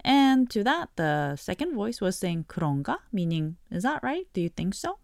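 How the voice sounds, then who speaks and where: Brief: woman hosting a radio language lesson, animated and explanatory, dry studio sound. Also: medium pitch, brisk, no room sound. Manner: clear, explanatory teaching tone.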